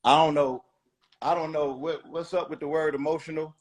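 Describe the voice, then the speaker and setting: A man's voice: on the high side, steady tone, normal speed. A man talking as a rapper guest in a casual interview, blunt, emphatic and profane.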